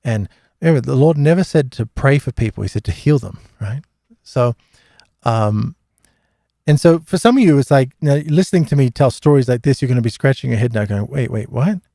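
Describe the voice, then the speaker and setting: A middle-aged man with a gravelly, warm, low-toned voice hosts a live Q&A. He drifts through loose anecdotes with plenty of fillers and false starts. The sound is dry and close, with no room around it. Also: expressive, a little fast, no room sound. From Australia. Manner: rambling, anecdotal, many fillers and restarts. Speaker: host of a live Q&A. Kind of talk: casual religious storytelling talk.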